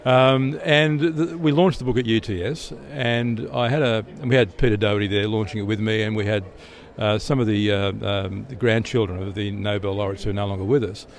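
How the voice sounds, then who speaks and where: Low-voiced middle-aged Australian man. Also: fairly even intonation, a little fast, few pauses. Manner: chatty, with frequent restarts and repeated words. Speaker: interview guest. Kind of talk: relaxed storytelling answers.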